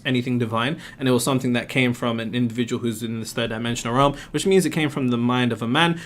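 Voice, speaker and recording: A man's voice: mid-range voice, a bit bright. A man hosting a live question-and-answer stream, explaining his views with emphatic rhetorical questions. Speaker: host answering viewer questions.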